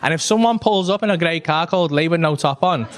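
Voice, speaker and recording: A man telling a stand-up story on a comedy club stage, animated and swearing as he acts out both sides of a conversation. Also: a little high, fast, crowd noise. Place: comedy club stage before a laughing audience. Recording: noisy live club recording.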